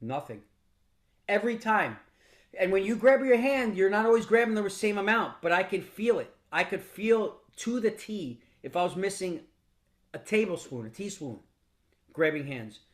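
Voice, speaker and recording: Speaking to a mastermind group at normal speed, this blunt, high-voiced male mentor tells motivational stories with lively intonation. His manner is casual and mildly profane, and he often restarts and repeats words.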